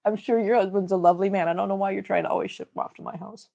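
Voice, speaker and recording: Middle-aged woman, livestream host, chatty, joking, reads chat aloud, medium pitch, lo-fi sound. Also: steady tone, rapid-fire, creaky, warm tone.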